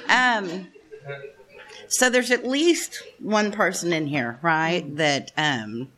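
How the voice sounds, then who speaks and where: A woman's voice: lowish voice, slow pace, a bit bright. A middle-aged woman giving a heartfelt, self-deprecating talk to an audience in a meeting room. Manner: chatty and self-deprecating, calls the room "y'all". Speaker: guest speaker at a recovery meeting. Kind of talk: heartfelt personal share to an audience.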